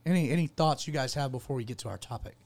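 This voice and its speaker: A man's voice: medium pitch, quick pace, crowd noise. A man hosting a podcast, telling a personal story in an earnest, rambling way with frequent restarts. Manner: earnest, rambling, self-correcting. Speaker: podcast host. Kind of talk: casual chat, personal storytelling.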